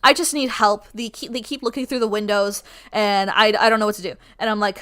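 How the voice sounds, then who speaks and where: A woman streamer telling a story in a casual, animated rant, swearing freely and able to project her voice loudly. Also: on the high side, normal speed, hardly any pauses, clean tone. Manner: can project a loud voice. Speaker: art streamer.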